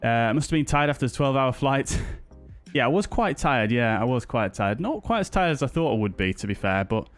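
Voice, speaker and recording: A British man with an expressive, medium-pitched voice speaks fairly quickly over soft background music. During his flight simulator stream he chats casually, welcomes viewers individually, and says um and uh a lot.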